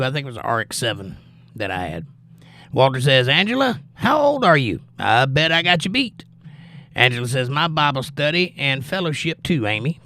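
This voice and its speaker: A man hosting a casual livestream, reading viewers' comments aloud and chatting back to them. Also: mid-range voice. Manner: chatty, reads comments and answers them warmly. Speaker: livestream host.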